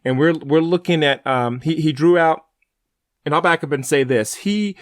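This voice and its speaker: A man's voice: on the high side, moderate pace, no room sound, studio quality. A man co-hosting a faith radio show, telling a story in an earnest, rambling, chatty way. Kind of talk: casual faith broadcast storytelling.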